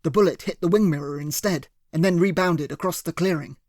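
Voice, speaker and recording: Man, thriller audiobook narrator, voice a bit high, steady and clear, dry booth. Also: fairly quick, dry recording. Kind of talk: first-person thriller narration.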